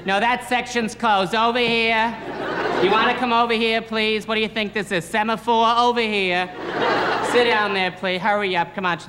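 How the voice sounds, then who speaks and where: A man's voice: high-pitched, steady tone, normal speed, crowd noise, pitched above the performer's own voice, natural voice. A man impersonating a rude, bossy waitress who barks curt orders. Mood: impatient. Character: rude bossy New York waitress, woman. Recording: roomy hall with noise.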